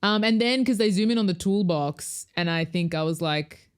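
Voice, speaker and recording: A woman's voice: on the low side, normal speed, clear, resonant tone. A woman co-hosting a podcast, chatting casually and laughing often as she acts out her reactions. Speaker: podcast co-host. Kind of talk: casual recap chat.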